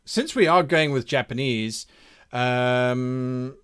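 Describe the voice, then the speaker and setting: During a live-streamed campaign design session, a male game master slowly reads viewers' suggestions and thinks aloud. His mid-range voice is clear and resonant, and he pauses and repeats names to test them.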